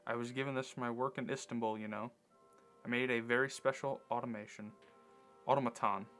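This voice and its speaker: A man voicing a gruff, grumbling woman engineer, reading her lines aloud from a game's text, a touch louder than his own talk. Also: mid-range voice, level tone, quick pace, faint music behind, natural voice. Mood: friendly. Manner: read aloud from game text, slightly louder.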